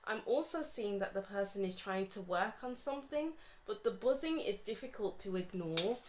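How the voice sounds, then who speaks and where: A woman's voice: medium pitch, lively intonation, moderate pace, low-quality recording. A woman giving a casual tarot reading, thinking aloud and musing as she lays out cards. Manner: thinking aloud, musing, trailing off mid-thought. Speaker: tarot reader.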